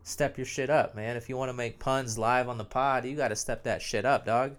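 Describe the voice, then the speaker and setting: A man's voice: medium pitch, fairly even intonation, brisk, fairly bright tone. A young man hosting a solo podcast while sick, with a nasal, phlegmy voice and a sore throat, rambling loosely and mocking himself, with plenty of swearing. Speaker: podcast host.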